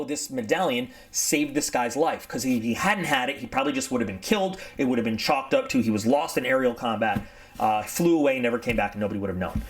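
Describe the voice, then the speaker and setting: A man's voice: mid-range voice, fast, creaky. A man telling a history story in a loose, conversational way, wandering off on tangents and then pulling himself back. He restarts sentences often and brings the tale to life by acting out what people said. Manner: rambling, digressive, self-correcting; animated storyteller acting out quotes. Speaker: history channel host. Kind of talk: casual spoken history talk.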